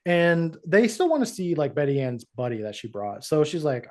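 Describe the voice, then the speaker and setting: A man with a slightly higher voice hosts a podcast recap in a studio. He tells the story with lively energy and jumps into quick voices for each character as he goes. It is casual, chatty storytelling. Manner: animated storyteller who acts out character lines. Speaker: podcast host.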